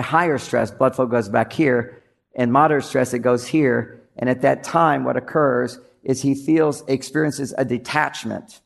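An older man with a gravelly voice gives a lively comic talk about relationships. He acts out the quotes in his stories for a live audience. The pitch sits in an everyday middle range. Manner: animated storytelling, acts out quotes, audience laughter. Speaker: relationship author giving a talk. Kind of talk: comedic stage talk.

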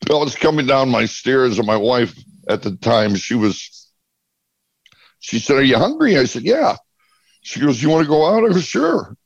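Animated man telling a story. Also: mid-range voice, no room sound, dull audio. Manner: animated, laughing, acts out dialogue. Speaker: interview guest. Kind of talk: casual storytelling chat.

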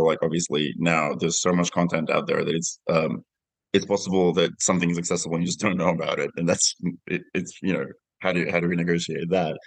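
A man's voice: low voice, no room sound. A middle-aged man, a film director, answering interview questions reflectively with frequent restarts.

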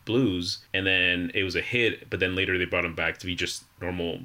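A man from Florida chats and reminisces as co-host of a casual podcast. His voice sits very low, yet it has a bright, forward edge. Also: steady tone, moderate pace. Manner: reminiscing, chatty.

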